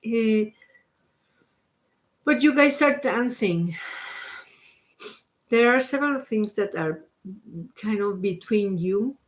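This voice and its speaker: This woman's voice sits on the high side, with lively intonation, and she takes her time, leaving long pauses. She's doing a live-stream psychic card reading, offering coaching advice, checking in with the listener through frequent "okay?" and switching between English and Spanish.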